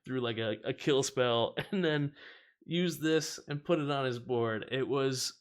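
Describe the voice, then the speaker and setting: A man's voice: medium pitch, a little slow. A man hosting a casual stream, chatting, laughing often and reading cards and viewer comments aloud. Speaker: host of a card-opening stream. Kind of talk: casual chat while opening card packs.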